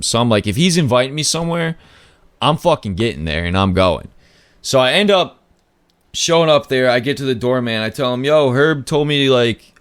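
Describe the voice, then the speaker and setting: A podcast host with a middle-pitched voice tells a story in a loose, rambling way, packed with "like" and casual swearing, and his pitch jumps up whenever he acts out what others said. The sound is smooth, dry and close, with no echo or room around him.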